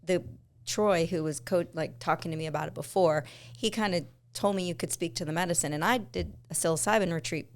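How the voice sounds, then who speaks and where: A woman's voice: fairly low pitch, a little fast. A woman podcast host, talking in a chatty, supportive way and swapping her own experiences with her guest. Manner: chatty, supportive, frequent affirmations. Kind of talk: conversational interview.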